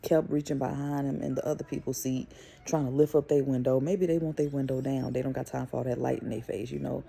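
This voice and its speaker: A young woman and mother telling a story to camera in a casual, animated, profane way. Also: very deep voice, fast, creaky, slightly rough. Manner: animated, profane, emphatic retelling. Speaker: vlogger and mother.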